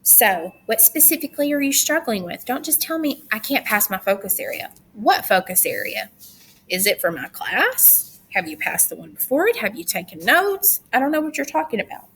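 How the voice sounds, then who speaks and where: A woman's voice: high voice, sing-song, moderate pace, a bit bright. A young adult woman teacher giving recorded instructions to her students, chatty and firm with teasing asides.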